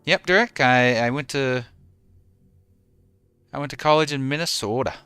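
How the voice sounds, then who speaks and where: A man's voice: mid-range voice, normal speed, sharp tone, clean tone, no room sound. A man in his forties, a game streamer chatting casually with his viewers and answering them by name.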